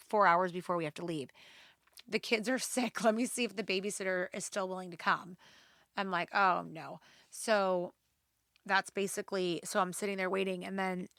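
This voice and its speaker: A woman podcast co-host telling a story in casual chat, animated and acting out the quotes. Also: lowish voice, no echo, studio quality. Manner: animated, acts out quotes, exasperated asides.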